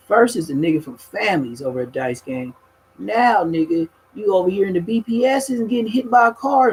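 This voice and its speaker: A man telling a street story in a casual, animated, profane way, often laughing and acting out other people. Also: a little high, slight background noise, poor audio.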